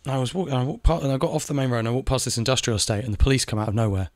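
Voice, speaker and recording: A video essayist speaks from his home in Spain in a casual, ranting monologue, repeating phrases and swearing now and then. His mid-range voice is a little mellow and rapid-fire, captured in a dry, clean studio-quality recording.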